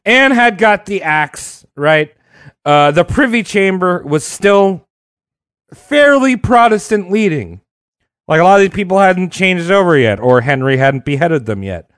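A man's voice: high-pitched, animated, measured pace, a bit bright, no echo, clean studio sound. A man hosting a podcast, telling history in a casual, irreverent, slangy way. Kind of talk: casual comedic storytelling.

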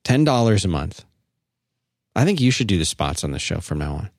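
A man's voice: low voice, big pitch swings, fairly quick, a little mellow, no echo, clean studio sound. A man hosting a call-in podcast, chatting loosely and joking, reading an ad in an offhand way. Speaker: podcast host taking calls. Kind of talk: casual call-in podcast talk.

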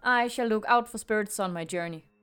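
A woman's voice: medium pitch, fairly quick, a bit bright, clean tone, soft background music, lightly acted. A woman reading the lines of a troubled man sailor who answers in a dry, evasive way. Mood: curt. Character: troubled middle-aged man sailor, curt.

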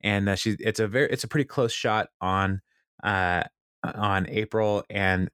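A man's voice: on the low side, steady tone, unhurried, fairly bright tone, smooth, no echo, clean studio sound. A man casually recapping a TV episode, rambling with lots of fillers and chuckles.

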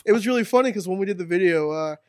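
Brief: high-pitched male guest, rambling, laughs a lot, dry close sound. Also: lively intonation, rapid-fire, a little mellow, no echo. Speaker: wrestling guest. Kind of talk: casual podcast chat.

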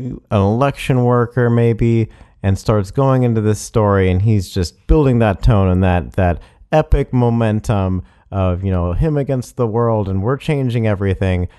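A man's voice: fairly low pitch, warm tone, clear, resonant tone. A man commenting on a speech clip in a conversational, admiring way, with fillers and self-corrections.

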